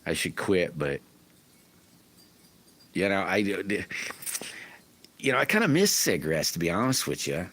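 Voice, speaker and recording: A man's voice: low voice, big pitch swings, slow, pauses often, a bit bright. A middle-aged man hosting a livestream, chatting casually with viewers in a folksy, rambling way full of restarts. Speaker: livestream host.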